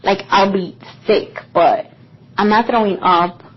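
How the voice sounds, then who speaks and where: A woman's voice: mid-range voice, slow pace, slightly rough. Young woman rambling through a story. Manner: casual, rambling, with many "like" fillers. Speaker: podcast co-host. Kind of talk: personal storytelling. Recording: dull lo-fi podcast recording.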